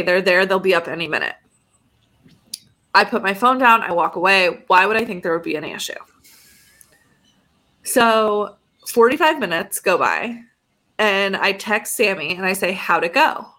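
A woman's voice: mid-range voice, lively intonation, normal speed, long pauses, sharp tone. A young adult woman co-hosting a podcast, telling a story in a casual chat and acting out both sides of phone calls. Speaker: podcast co-host.

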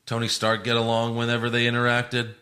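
A man's voice: mid-range voice, monotone, a little fast, pushed and bright. A man co-hosting a podcast, chatting casually and joking as he runs through news items. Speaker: podcast co-host. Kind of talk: casual chat.

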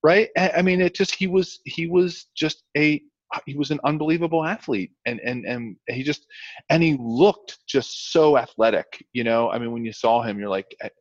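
A man's voice: moderate pace, no echo. Long-winded former lineman, muffled and dry. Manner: rambling and long-winded, with many restarts and excited jumps in pitch. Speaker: guest, former pro football lineman. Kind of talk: casual interview storytelling.

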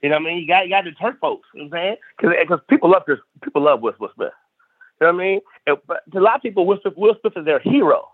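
Comedian guy from south carolina ranting, repeats himself a lot, kinda high voice, tinny phone sound. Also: animated, racing, no room sound. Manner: emphatic, repeats phrases while ranting. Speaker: stand-up comedian guest. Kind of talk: casual podcast chat.

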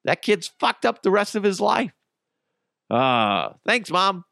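A man's voice: high-pitched, very animated, slow, vocal fry, sharp tone, dry recording, clean studio sound. A man hosting a podcast, telling stories in a casual, profane, comedic way and laughing at his own jokes. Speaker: podcast host.

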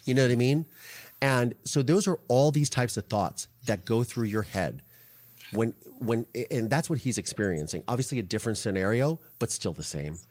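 Earnest, halting man in his forties. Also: medium pitch, animated, darkish tone. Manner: halting, many restarts, earnest. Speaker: interview guest. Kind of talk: emotional podcast interview.

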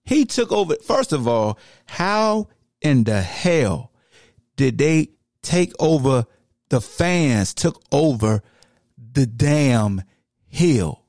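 A man's voice: medium pitch, slow pace, dry recording, clean studio sound. A man hosting a sports podcast, ranting with heat in casual, slangy talk. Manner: animated, slangy, heated ranting. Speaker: podcast host.

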